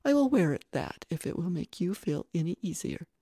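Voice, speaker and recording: A stern, commanding lady ghost, put on by a storybook reader, firm and sarcastic. The voice sits mellow and dark, close and dry with no room around it. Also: medium pitch, big pitch swings, brisk, husky, dry recording. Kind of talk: audiobook reading.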